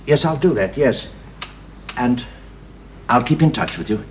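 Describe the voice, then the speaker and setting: An actor playing a polite, flustered elderly English gentleman who speaks formally and hesitates often. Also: medium pitch, animated, a little slow, slight background noise, natural voice. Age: older. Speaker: grandfather of the household. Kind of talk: 1930s period radio drama.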